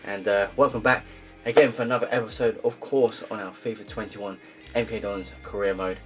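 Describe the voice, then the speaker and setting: Young male gaming YouTuber, deep voice, rambling casual commentary, faint guitar music behind. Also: fairly even intonation, a little fast. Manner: rambling, many ums and uhs, loud upbeat greetings.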